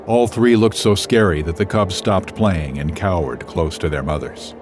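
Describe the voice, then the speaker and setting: A man narrating an animal fable in a measured, expressive storytelling voice. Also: a bass voice, soft background music.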